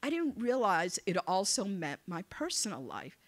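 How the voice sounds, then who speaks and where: A woman giving a motivational speech to young people, telling a story in an animated, conversational way and acting out the dialogue. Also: medium pitch, moderate pace. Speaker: keynote speaker. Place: event venue.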